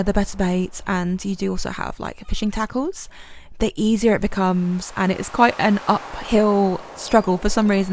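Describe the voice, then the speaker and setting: A woman's voice: medium pitch, a little hiss or hum. A woman giving chatty, self-deprecating commentary over her gameplay, with plenty of ums. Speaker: gaming channel host. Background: soft game music.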